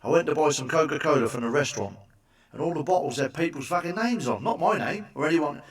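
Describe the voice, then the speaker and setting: A man's voice: on the high side, lively intonation, fast talker, distant mic. A man doing crude stand-up one-liners, swearing a lot and asking the listener for agreement. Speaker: stand-up comedian.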